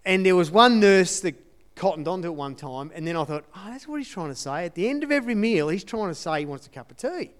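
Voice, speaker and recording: A man's voice: high voice, animated, fast talker, few pauses, clean tone. A man giving a conversational sermon testimony in an earnest way, repeating his key phrases. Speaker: church speaker sharing testimony.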